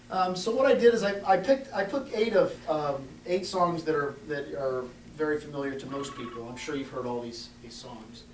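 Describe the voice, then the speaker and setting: A man hosting an organ concert, teasing the audience with goofy, corny jokes. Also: on the high side. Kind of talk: joking concert patter. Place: organ showroom hall. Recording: roomy, distant, faint room noise.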